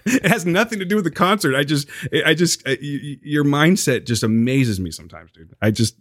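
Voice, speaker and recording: A man's voice: a little high, expressive, a little fast, a bit bright, dry recording, clean studio sound. A man hosting a podcast in casual banter, exasperated and laughing, rambling through his words. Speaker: podcast host.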